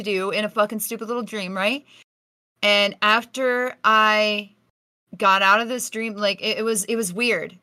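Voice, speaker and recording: A woman's voice: medium pitch, bright, forceful tone, no room sound. A woman podcast guest telling a story in a casual, vivid way, swearing freely.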